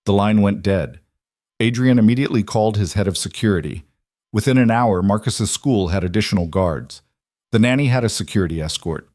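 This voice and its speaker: A man doing scripted narration of a dramatic story in an even, measured manner. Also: lowish voice, dry recording, studio quality.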